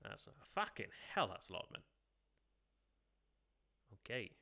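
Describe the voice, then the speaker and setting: A man's voice: fairly low pitch, very animated, unhurried, gravelly, pushed and bright, slight background noise. A man streaming a strategy game, thinking aloud, muttering and repeating himself as he reacts, now and then talking to his viewers. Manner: muttering, self-questioning, repeats phrases; chats with viewers between moves.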